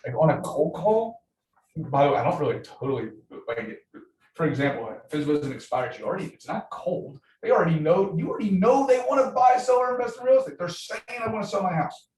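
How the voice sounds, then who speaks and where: A man's voice: a little high, animated, a little fast, a little mellow. A man leading a group training session, upbeat and coaching, asking the room for input. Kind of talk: lively group training talk. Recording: roomy echo, distant mic, faint noise.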